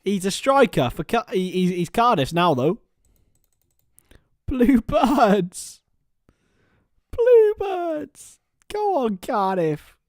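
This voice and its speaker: A young man hosting a casual live stream, chatting with viewers by name and bursting into excited shouts. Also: high-pitched, normal speed, dry recording, studio quality. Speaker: livestream host.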